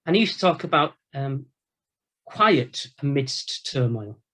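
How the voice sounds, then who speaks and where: A male Catholic priest giving an informal Lenten talk, telling stories from his time as a prison chaplain in a lively, colloquial way. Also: mid-range voice, unhurried. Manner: storytelling, animated anecdotes with quoted voices.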